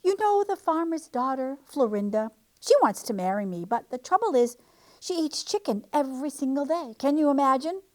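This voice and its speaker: Reader doing a sly little guinea pig guy, high and lively, cheeky and pleading, storybook style. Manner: excited, pleading, quick-witted. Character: clever small male guinea pig trickster.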